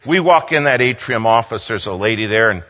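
A man telling a humorous personal story in an animated way, acting out the people in it. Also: fairly low pitch, brisk, highs cut off. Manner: animated, acts out quoted voices, repeats himself.

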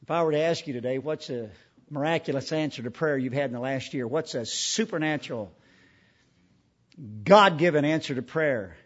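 A man preaching a sermon emphatically, asking repeated rhetorical questions and swinging between loud and hushed delivery. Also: fairly high pitch, moderate pace, highs cut off.

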